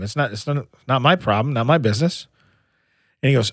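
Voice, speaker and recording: A man's voice: mid-range voice, animated, fairly quick, a bit bright, dry recording, studio quality. Middle-aged man telling a rambling story. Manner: rambling storyteller, many restarts and "you know". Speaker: podcast co-host. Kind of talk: casual chat.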